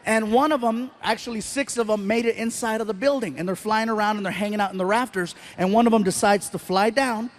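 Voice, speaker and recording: A man telling a stand-up comedy story with an animated, storytelling delivery. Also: high voice, quick pace, few pauses.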